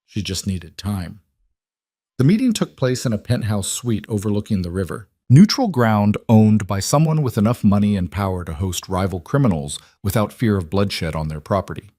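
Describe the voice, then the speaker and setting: A man reading a story as narrator, in a steady, measured way, close to the microphone. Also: lowish voice, no echo. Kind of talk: scripted audiobook narration.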